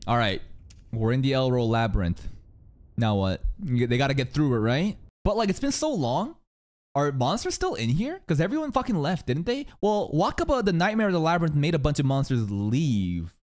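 High, lively ranting male streamer. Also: moderate pace. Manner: profane and ranting, swings between loud excited yelling and low muttering; talks to chat viewers. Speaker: streamer reacting to an anime episode. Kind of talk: live reaction commentary.

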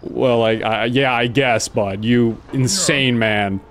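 A man casually commenting on his gameplay, excitable and sarcastic, jumping between low mutters and loud yelps. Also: slow, faint music behind. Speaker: gaming video host. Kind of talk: casual let's-play commentary.

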